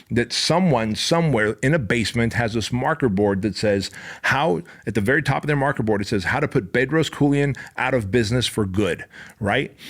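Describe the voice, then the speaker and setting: A middle-aged man hosting his own show, giving an intense, profane motivational monologue that builds to loud peaks. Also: medium pitch. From Armenia. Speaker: podcast host.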